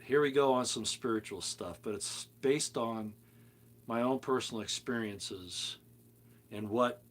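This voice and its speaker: An older man talking casually to his viewers, rambling and telling stories, jumping between loud emphatic points and quiet asides. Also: mid-range voice. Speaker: video commentator.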